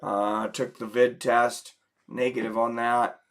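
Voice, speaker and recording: A man's voice: mid-range voice, level tone, takes it slowly, a bit bright. A man who is sick and losing his voice, hosting a casual livestream and talking through viewer comments in a rambling way. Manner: rambling, filler-heavy. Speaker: livestream host.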